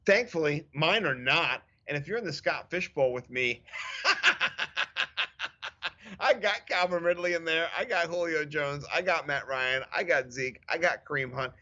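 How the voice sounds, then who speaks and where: Bright, animated man on a fantasy podcast. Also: fairly high pitch, normal speed, highs cut off. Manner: animated storyteller, acts out quotes. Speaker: podcast co-host. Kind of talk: casual sports chat.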